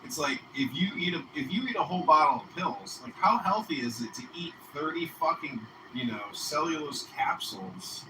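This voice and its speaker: A man's voice: a little high, animated, normal speed, hardly any pauses. A man hosting a casual podcast, rambling and swearing freely, acting out quotes in his stories. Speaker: podcast host. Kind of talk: casual profane podcast chat. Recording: roomy, distant mic with background noise.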